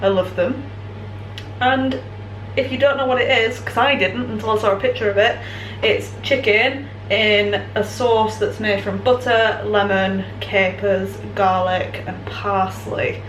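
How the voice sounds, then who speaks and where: A young English woman filming a casual home vlog, chatting to the camera about her week with a self-mocking, giggly manner. Her voice sits at an ordinary pitch, and a faint hiss of noise runs under the recording. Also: fairly even intonation, measured pace, a bit bright, poor audio. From England. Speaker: vlogger.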